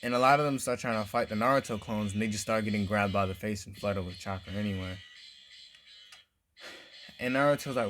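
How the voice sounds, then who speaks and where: A man's voice: lowish voice, steady tone, moderate pace, a bit bright, faint music behind. A man casually narrating a fan-made story, rambling with lots of filler words.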